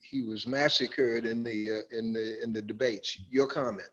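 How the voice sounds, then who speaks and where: A man hosting an interview, who asks his questions deliberately and with hesitant pauses. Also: mid-range voice, fairly even intonation. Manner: slow, deliberate, hesitant with fillers. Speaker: host. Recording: dull lo-fi audio.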